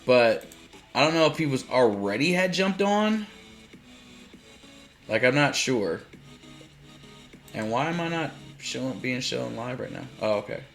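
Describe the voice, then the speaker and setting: A man's voice: medium pitch, very animated, unhurried, gravelly, pauses often, soft background music. A man casually commenting on a life-sim game while streaming, chatty and rambling, laughing often and answering viewers.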